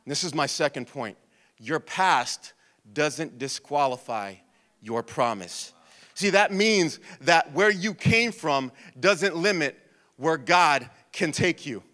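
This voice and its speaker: Passionate high-voiced preacher in echoing church. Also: male voice, expressive, takes it slowly. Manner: passionate, swings from loud urgent preaching to quiet storytelling. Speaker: pastor. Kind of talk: sermon. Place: church hall. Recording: long church reverb.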